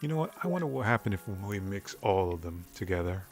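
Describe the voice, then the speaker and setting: Man, low voice, easygoing let's-play commentary with game music behind. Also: fast. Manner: relaxed, rambling, many "um" fillers. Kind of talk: casual gameplay commentary.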